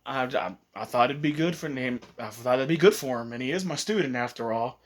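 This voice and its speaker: A man's voice: mid-range voice, a little fast, lightly acted. A man voicing a hot-headed teenage boy ninja who stammers when he gets flustered.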